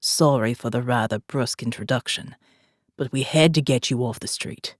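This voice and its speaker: A woman narrator voicing a calm male operative leader with a faint South African accent, speaking quietly and with authority. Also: a bass voice, moderate pace, dry recording, clean studio sound, pitched below the performer's own voice. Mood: calm, persuasive.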